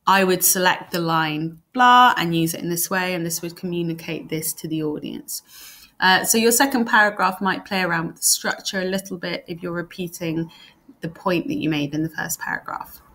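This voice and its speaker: A British woman teaching drama, walking through exam answers in a methodical, step-by-step way. Her voice sits a little low for a woman. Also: moderate pace, a bit bright. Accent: British English. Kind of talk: exam technique lesson.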